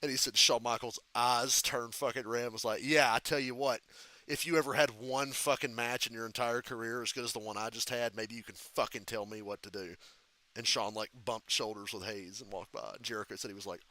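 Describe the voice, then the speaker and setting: Profane, animated man telling stories. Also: medium pitch, brisk, no echo. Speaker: live reaction streamer. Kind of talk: casual chat with friend.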